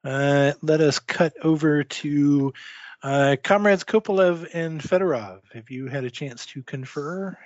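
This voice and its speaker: A man running a tabletop role-playing game as game master, narrating slowly with many fillers. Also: on the high side, no echo, muffled recording. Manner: slow, hesitant, many fillers.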